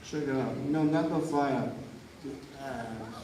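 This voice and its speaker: A man's voice: medium pitch, slow. A man presenting a live comedic demonstration, joking and teasing the crowd and calling for audience responses. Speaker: cultural show presenter. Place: outdoor show area with a crowd. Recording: echoey, distant, crowd noise.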